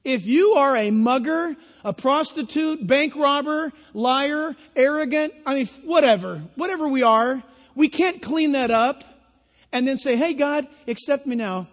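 A man preaching a sermon, lively and animated, acting out little voices and laughing at his own jokes. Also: extremely high pitch, a little slow. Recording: long hall reverb.

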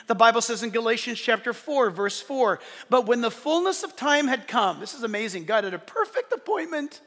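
A male pastor preaching a sermon, animated, acting out quoted voices along the way. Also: very high-pitched, a little fast, long reverb tail.

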